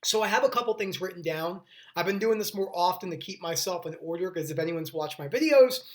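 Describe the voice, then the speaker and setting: A young man with a high-pitched voice and lively intonation speaks briskly while hosting a mental health video in casual talking-head explainer style. He talks earnestly but rambles, frequently restarting sentences and wandering off on tangents.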